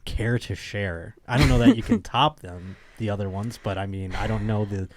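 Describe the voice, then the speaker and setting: Wisecracking podcast host. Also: male voice, lowish voice, moderate pace, no room sound. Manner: dry, wisecracking questioner. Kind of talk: casual chat, interviewing. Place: podcast studio.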